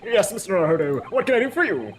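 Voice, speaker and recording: A man's voice: high voice, very animated, fast talker, a little hiss or hum. A man doing a grandiose eccentric detective. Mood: lofty. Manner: grandiose, theatrical. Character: eccentric theatrical British male detective. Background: game music.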